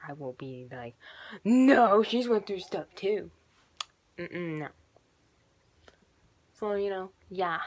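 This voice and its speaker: A young woman in her teens rambling and gushing in a casual fan vlog, full of fillers and asides. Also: medium pitch. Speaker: YouTuber.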